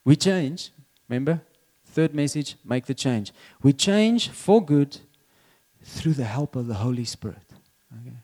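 A man's voice: mid-range voice, animated, unhurried, darkish tone. A middle-aged man preaching a sermon as pastor, talking conversationally, repeating words and chuckling now and then.

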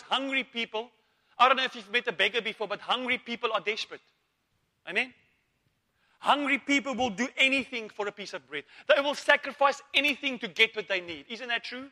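A man with a very high-pitched, bright, forceful voice preaches a sermon, posing rhetorical questions, calling for amens, and repeating words. The recording carries the long reverb of a church hall.

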